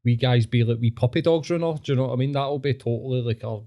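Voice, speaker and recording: A Scottish man with a Glaswegian accent co-hosts a loose podcast chat, blunt and quick to swear. His voice is mid-pitched and dark, with a mellow, relaxed tone. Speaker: podcast co-host. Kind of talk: casual chat.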